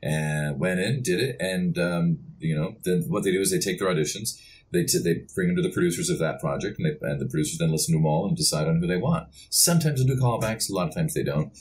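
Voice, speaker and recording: A middle-aged male voice actor, a podcast guest, telling rambling, animated stories with many restarts. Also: low-pitched, quick pace. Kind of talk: casual podcast interview.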